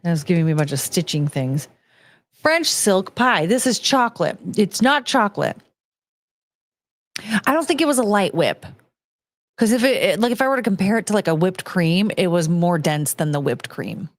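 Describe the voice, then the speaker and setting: An American woman chats on a livestream in a loose, ranting way and swears freely. Her pitch leaps around with a lot of life. The sound is dry and close to the mic. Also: animated, moderate pace, dry recording. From United States. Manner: ranting, profane, talks to chat. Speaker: streamer host. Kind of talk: casual livestream chat.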